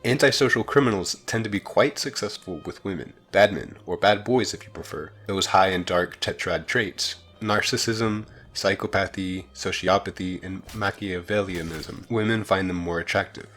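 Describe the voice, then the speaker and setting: Very deep-voiced male narrator. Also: moderate pace, few pauses, fairly bright tone, soft background music. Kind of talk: scripted narration.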